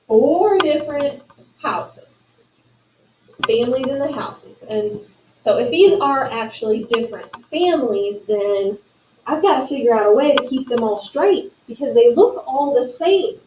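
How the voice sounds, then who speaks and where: A woman voicing a puzzled, quick-tempered male mayor in a classroom story, with shrill, strained yelling. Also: animated, far from the mic, lo-fi sound. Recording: echoey room, voice from afar, faint noise.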